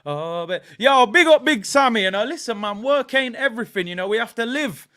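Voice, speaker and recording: A young man hosting a live football watchalong, giving shout-outs to viewers and cheering loudly at goals. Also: high voice, animated, a little fast, clean tone. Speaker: watchalong host.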